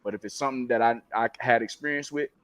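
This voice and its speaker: A man's voice: medium pitch, fast talker, fairly bright tone, dry recording. A man chatting casually as a guest, laid-back and often adding "you know what I'm saying". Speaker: guest on a live stream. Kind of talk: casual chat. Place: lives abroad in Colombia.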